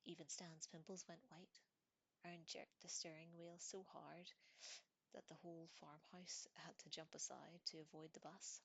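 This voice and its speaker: Low husky lady doing a whispered storybook reading, soft and hushed. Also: flat delivery, measured pace, no echo. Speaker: audiobook reader.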